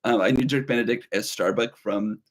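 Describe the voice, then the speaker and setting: A man's voice: medium pitch, fairly quick. A man in his thirties co-hosting a casual livestream, chatty and rambling as he reads viewer comments aloud. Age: 30s. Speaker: livestream co-host.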